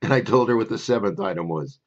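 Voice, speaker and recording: Speaking fast and expressively in a slightly mellow voice, an older memory course instructor shares a wry, conversational personal anecdote leading into a pitch for his course. The audio sounds dull.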